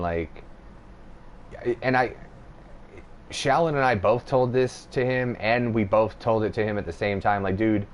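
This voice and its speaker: A man's voice: lowish voice, slight background noise. A young man hosting a podcast, telling a rambling, profane story in casual chat. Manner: profane, rambling, animated retelling. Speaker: podcast host.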